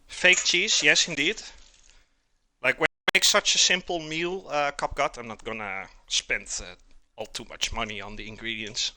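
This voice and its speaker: A man's voice: medium pitch, steady tone, normal speed, sharp tone, a little hiss or hum. A man hosting a live cooking stream, chatting casually and calling his viewers "guys" as he cooks.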